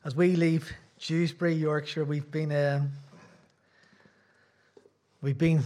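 A man's voice: on the high side, level tone, unhurried, pauses often, a little mellow. A middle-aged Irish man, a visiting preacher, giving a sermon in a church with rambling, self-deprecating asides. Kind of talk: sermon with casual chat.

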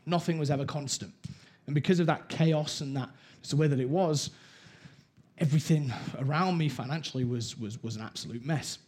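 A man's voice: a little high, a little fast, a little mellow. A young man from England giving a frank personal testimony in a conversational way, repeating phrases as he tells his story. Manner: candid and conversational, repeats himself when telling a story. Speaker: speaker sharing his life story.

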